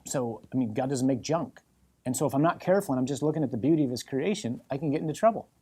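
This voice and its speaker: A man, a priest, preaching a sermon in an emphatic, animated way with many repetitions. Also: medium pitch, fast, breathy edge.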